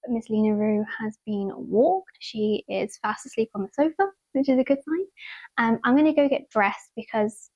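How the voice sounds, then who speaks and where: A woman's voice: a little high, moderate pace, darkish tone, muffled recording. A young woman, chatting casually and gushingly in a vlog, full of "like" and little laughs. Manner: bubbly, gushing, lots of "like". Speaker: vlogger.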